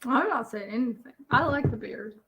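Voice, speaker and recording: A woman's voice: a little high, animated, normal speed, fairly bright tone. A woman chatting on a live stream with her husband, answering him with dry, wry retorts. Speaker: host's wife and co-host. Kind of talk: casual live-stream chat.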